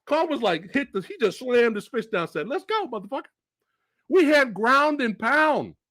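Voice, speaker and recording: A man hosting a movie review show, ranting excitedly and profanely with loud bursts. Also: extremely high pitch, normal speed, no echo, clean studio sound. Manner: animated, profane, shouting bursts. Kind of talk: excited film review rant.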